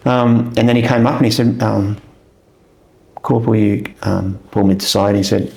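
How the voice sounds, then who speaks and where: A middle-aged Australian army veteran, a guest telling a long story in a rambling, animated way with lots of fillers. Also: male voice, lowish voice, moderate pace, vocal fry, roomy sound, low-quality recording. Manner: rambling, animated retelling, with many fillers and restarts. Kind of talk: casual storytelling interview.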